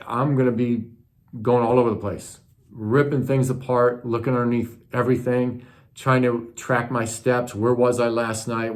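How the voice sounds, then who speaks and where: Male pastor, mid-pitch, conversational sermon delivery, earnest teaching tone.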